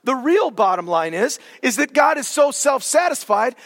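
A male pastor preaching a sermon in an animated, joking way, with sudden dramatic swings in volume. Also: very high-pitched, moderate pace, big-room sound.

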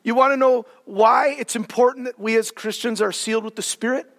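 An animated male pastor preaches with humor and sudden dramatic swings in volume. His voice is unusually high for a man. It rings with a long reverb through the church hall. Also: fairly quick, creaky. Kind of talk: sermon.

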